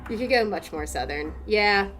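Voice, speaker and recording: Streamer: young American woman, casual, chatty, laughs a lot, mid-pitched voice. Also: lively intonation, normal speed, fairly bright tone, faint music behind. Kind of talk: casual gameplay commentary.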